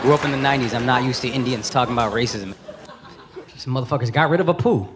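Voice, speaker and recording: This comedian, a man in his thirties, talks fast in a medium-pitched voice during a brash, profane club set. He works a handheld mic while the crowd's loud laughter and noise carry through the recording.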